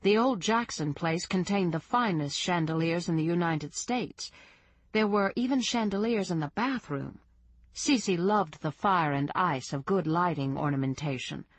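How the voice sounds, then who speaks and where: Low-voiced woman reading a story. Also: measured pace, no room sound. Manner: reads in first person, lightly voicing characters. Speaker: audiobook narrator. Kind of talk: scripted narration.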